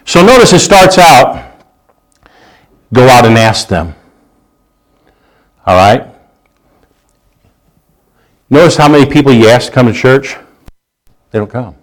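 A man preaching a sermon, his voice rising high and loud when he reads scripture and sinking low and quiet when he explains it. He stumbles and repeats words as he talks. He sounds like a pastor speaking to his church. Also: lively intonation, rough recording. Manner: reads scripture aloud in a raised, slowed voice, then drops to a low conversational aside.

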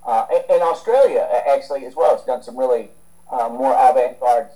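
Mellow-voiced American man rambling. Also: mid-range voice, fairly quick, poor audio. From United States. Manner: rambling, many restarts and fillers. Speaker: guest, strength coach. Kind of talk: casual interview talk.

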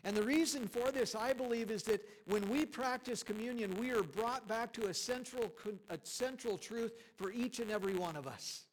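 A man's voice: very high voice, normal speed, few pauses, rough recording. A man preaching a sermon in a church, talking in a conversational, folksy way with chuckles and emphatic repetition. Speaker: pastor. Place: church sanctuary.

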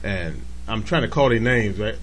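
A man's voice: on the low side, animated, normal speed, very noisy. A man co-hosting a podcast, telling stories in casual, emphatic, profane banter. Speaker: podcast co-host.

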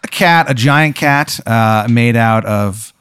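A man's voice: medium pitch, slow, a bit bright, clear, resonant tone, no room sound. A man telling a rambling, absurd hypothetical in casual talk, full of fillers. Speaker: podcast co-host. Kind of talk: casual improvised storytelling.

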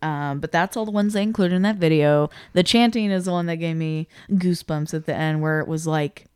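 A woman co-hosting a casual podcast, calm and matter-of-fact as she plays clips. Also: sits low, a little fast, smooth. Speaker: podcast co-host. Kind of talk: casual chat.

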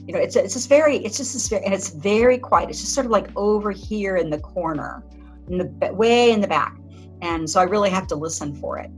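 Woman, interview guest, reflective, halting, faint background music. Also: medium pitch, animated, rough recording. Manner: reflective, halting, many restarts. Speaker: author and guest. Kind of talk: conversational interview.

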